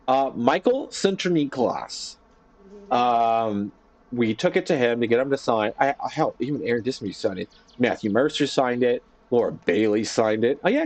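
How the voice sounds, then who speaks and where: A man streaming from his home office, chatting casually and telling a rambling, animated story with lots of fillers. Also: medium pitch, no echo. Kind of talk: casual chat.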